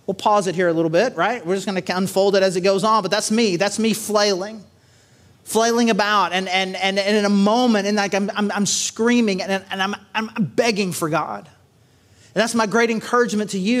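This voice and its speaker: A man with a notably high speaking voice delivers a church sermon in a relaxed, storytelling way. He talks casually, full of fillers and quick check-ins with the congregation. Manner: animated, casual, many fillers and "right?" tags. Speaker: pastor. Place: church service.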